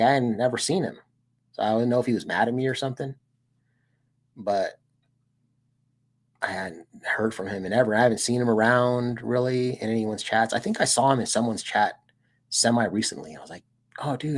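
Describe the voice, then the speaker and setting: A man's voice: medium pitch, a little fast. Laid-back American guy rambling on stream. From United States. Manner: rambling, laid-back, peppered with "dude" and laughs. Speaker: streamer and channel host. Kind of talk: casual livestream chat.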